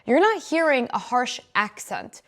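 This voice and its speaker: A young woman hosts her show, delivering scripted commentary with a sassy, opinionated edge. Her delivery is quick and brash, landing each point with attitude. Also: on the high side, sing-song. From New York. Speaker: host.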